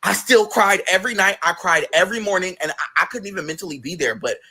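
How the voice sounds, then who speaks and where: Bright-voiced man telling a raw story. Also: fast, breathy edge. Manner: emphatic and profane, with sudden high-pitched outbursts. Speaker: guest telling his life story on a livestream. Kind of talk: emotional personal storytelling.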